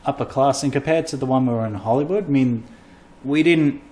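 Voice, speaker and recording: A man's voice: medium pitch, brisk, a little mellow. A man hosting a casual comedy podcast, rambling and self-mocking as he tells a travel story. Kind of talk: casual chat.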